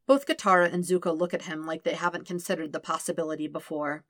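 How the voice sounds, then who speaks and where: A woman narrating a fan fiction story in an even, measured reading style, slowing and softening on tender lines. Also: on the low side, dry recording, clean studio sound. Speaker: podfic reader.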